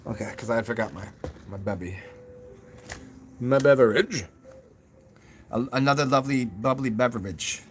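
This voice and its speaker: Casual male host with a mid-range voice, thinking out loud in a halting ramble with a faint hiss behind him. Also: mid-range voice. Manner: musing, halting, many fillers and restarts; goofy, self-mocking asides. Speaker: channel host. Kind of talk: rambling live chat with viewers.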